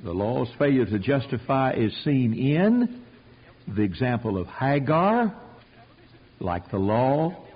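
Male preacher, folksy and emphatic, husky voice, dull old tape sound. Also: medium pitch, big pitch swings, slow. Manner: folksy, emphatic, acts out quotes. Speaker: preacher teaching a Bible class. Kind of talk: Bible study sermon.

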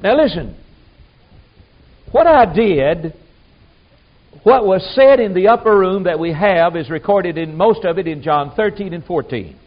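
A man's voice: high voice, animated, unhurried, pauses often. A man preaching a sermon in a folksy, emphatic way, acting out the people he quotes. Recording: dull lo-fi sound.

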